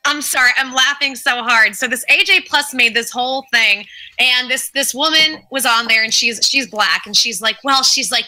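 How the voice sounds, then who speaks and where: Bright, laughing woman in casual chat. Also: a little high, normal speed, rough recording. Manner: laughing, animated storytelling with profanity. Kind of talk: casual online panel chat.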